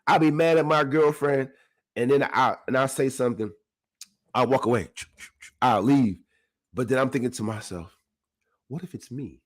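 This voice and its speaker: A man hosting his own podcast, talking to his listeners in a casual motivational monologue, animated and laughing often. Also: medium pitch. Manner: animated, laughs often, talks straight to the audience. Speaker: podcast host.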